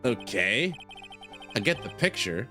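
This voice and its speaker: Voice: medium pitch, very animated, slow, sharp tone, soft background music, pitched below the performer's own voice, full character voice. A streamer voicing an earnest young male defense lawyer in a dry, exasperated tone, reading a game aloud. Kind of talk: reading a visual novel aloud.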